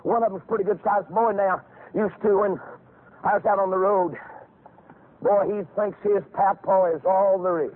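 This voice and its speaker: An older preacher with a strikingly high, husky voice, spinning homespun stories and then shouting his point home. The sound is thin and tinny, like it came over a phone line. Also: fairly even intonation, normal speed. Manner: folksy storytelling that rises into shouted exhortation. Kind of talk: fiery revival sermon.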